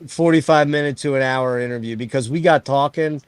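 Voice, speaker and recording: Excited, profane man hosting a stream. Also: medium pitch, brisk, clean tone, dry recording. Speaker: stream host. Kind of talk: casual chat storytelling.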